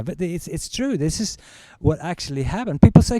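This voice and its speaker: A man doing stand-up comedy, telling a story with animated, stammering, self-mocking delivery before a live audience. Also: fairly high pitch, moderate pace, dry recording.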